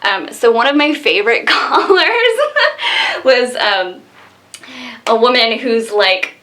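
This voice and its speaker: A young woman casually reviewing a low-budget horror film, bubbly and giggly, full of fillers. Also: expressive, takes it slowly, pushed and bright.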